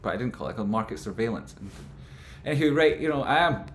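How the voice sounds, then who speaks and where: A man rambling through casual stock market commentary, with animated, exasperated rants. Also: lowish voice, fast, roomy sound, a little hiss or hum.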